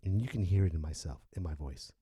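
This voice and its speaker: A man hosting a solo podcast rant, swinging between loud outbursts and low muttering and laughing at himself. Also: quick pace, husky, no room sound, studio quality. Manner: self-mocking, laughs at himself. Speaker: podcast host.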